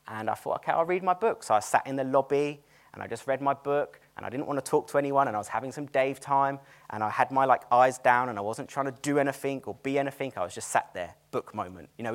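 A man preaching a sermon in a chatty, animated way, telling stories and laughing at them. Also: mid-range voice. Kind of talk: sermon with storytelling. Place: cinema used as a church venue.

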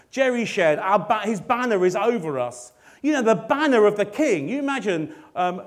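A middle-aged man with a rather high-pitched voice delivers a Sunday sermon. He talks to the congregation in a casual, joking way and builds to excited proclamation. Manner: conversational, jokey and rising to excited. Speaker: lay preacher.

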